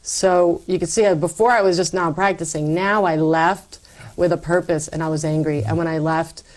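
Animated low-voiced woman telling her story. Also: moderate pace. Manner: animated storyteller, acts out quoted lines. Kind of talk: personal testimony in conversation.

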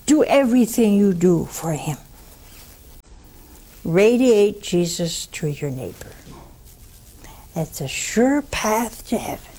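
A woman's voice: mid-range voice, animated, mellow. An older woman hosting a religious call-in show, blunt and fervent, answering callers. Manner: slow, blunt and fervent, calls callers honey.

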